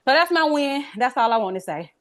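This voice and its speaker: Woman, a bit high, breathless from walking, chatty team member. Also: lively intonation, brisk. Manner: chatty, says "y'all". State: a little out of breath while walking. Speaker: team member on a training call.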